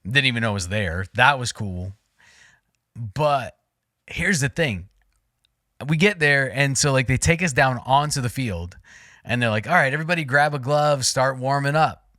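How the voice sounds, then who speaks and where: This man in his forties has a bright, forceful voice and tells his story loosely, piling up fillers and restarts as his excitement builds. He sounds close and dry, with no room around him, in a relaxed podcast chat. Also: mid-range voice, moderate pace, no room sound. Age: 40s. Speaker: podcast co-host.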